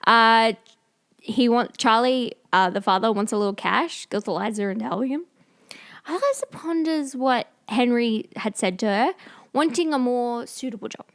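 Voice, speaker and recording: A woman co-hosting a podcast, retelling a film's plot in a playful, giggly, animated way into a podcast mic. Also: fairly high pitch, moderate pace. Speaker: podcast co-host. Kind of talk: casual film recap chat. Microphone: podcast microphone.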